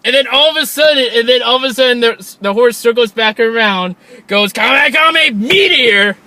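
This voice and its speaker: A man's voice: very high-pitched, fairly even intonation, fairly quick, sharp tone, a little hiss or hum. A young man co-hosting a casual film review chat, rambling and leaning on "like" with frequent restarts. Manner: rambling, fills with "like" constantly, restarts a lot. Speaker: podcast co-host.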